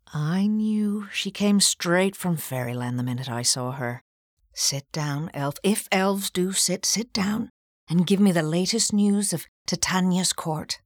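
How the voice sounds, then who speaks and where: A woman reading aloud, voicing a big, kindly priest who teases gently and slips into whispers. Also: on the low side, unhurried, no echo, studio quality, pitched above the performer's own voice. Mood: playful. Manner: teasing, mellow and throaty, sometimes whispering. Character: Father Cassidy, genial Irish priest, big man. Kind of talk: audiobook character voice.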